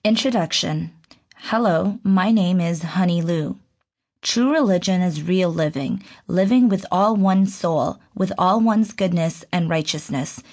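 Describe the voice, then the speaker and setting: A woman narrating her own audiobook in an earnest, reflective, measured way. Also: lowish voice, darkish tone. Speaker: author reading her own book.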